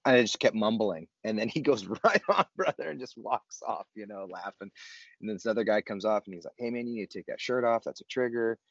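Low male storyteller, laid-back and slangy, dry dull lo-fi recording. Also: expressive, fairly quick, gravelly, no echo. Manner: laid-back, slangy, self-mocking humor. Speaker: guest telling his recovery story. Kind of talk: casual storytelling chat.

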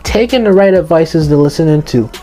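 Over soft background music, a teen boy with a fairly high yet dark-toned voice talks a little fast. He's a youth vlogger giving passionate, emphatic advice in an earnest motivational monologue, repeating his main points.

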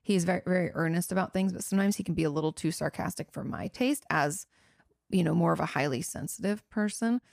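Gravelly-voiced woman giving casual advice. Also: lowish voice, fast, a little mellow, no echo, clean studio sound. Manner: earnest, conversational, frequent "you know" asides. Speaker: therapist and podcast host. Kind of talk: casual advice talk answering listener questions.

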